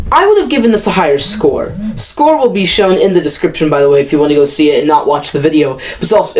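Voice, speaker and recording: Animated woman ranting in an album review. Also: on the low side. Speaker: music reviewer. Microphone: close to camera.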